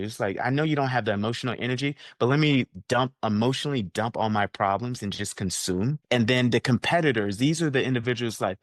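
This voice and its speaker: A man as a guest coach in a conversational interview, acting out the people he quotes in lively voices. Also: mid-range voice, quick pace, hardly any pauses, dry recording, clean studio sound.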